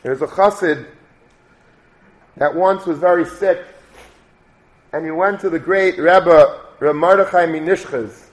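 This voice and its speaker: A man's voice: a little high, measured pace, long pauses. A man giving a storytelling sermon, repeating his phrases and building to emphatic declarations. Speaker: religious speaker. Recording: echoey room.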